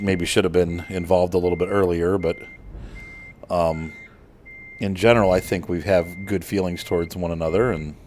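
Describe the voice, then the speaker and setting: A man's voice: deep voice, a little mellow, a little hiss or hum. An American man hosting a gaming channel, rambling through casual commentary with many fillers and restarts while he plays. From United States.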